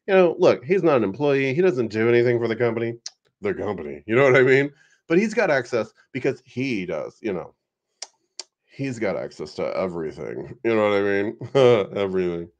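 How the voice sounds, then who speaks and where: A man's voice: on the low side, sing-song, brisk, lo-fi sound. A man giving a rambling, sarcastic and profane commentary as the host of an online channel. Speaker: crypto YouTube commentator. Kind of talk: casual ranting commentary.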